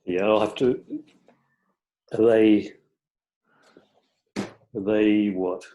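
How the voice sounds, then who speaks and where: A man's voice: fairly low pitch, fairly even intonation, very slow, dark tone, slight background noise. A man taking a one-to-one music lesson, answering hesitantly and briefly. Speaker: music student.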